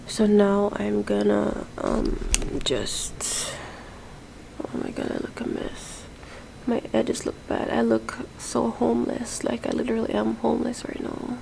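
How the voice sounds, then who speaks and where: A woman's voice: fairly high pitch, fairly even intonation, takes it slowly, creaky, a little mellow, slight background noise, low-quality recording. A woman from Jamaica talking casually to her camera in an airport terminal, chatty and full of fillers. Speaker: vlogger.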